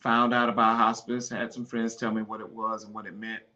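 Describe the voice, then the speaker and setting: A man hosting a podcast, urging listeners to honor their mothers and telling the story of losing his own, by turns fervent and hushed with grief. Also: lowish voice, flat delivery, brisk, muffled recording. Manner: impassioned, pleading, then hushed and grieving. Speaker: podcast host. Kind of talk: emotional personal storytelling.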